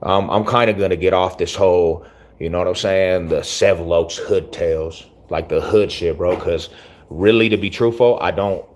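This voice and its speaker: A low-pitched man hosts his own YouTube channel, talking casually to the camera at a moderate pace. His speech is slangy and rambling, with many restarts.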